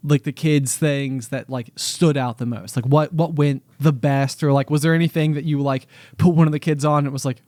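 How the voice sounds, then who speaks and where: Seorang pria berusia tiga puluhan, mengobrol santai sebagai pembawa acara podcast, bicara berputar-putar dengan suara agak tinggi dan kering. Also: male voice, on the high side, steady tone, a little fast, hardly any pauses, darkish tone, no echo, studio quality. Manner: rambling, with many fillers and restarts. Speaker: podcast co-host. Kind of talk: casual chat.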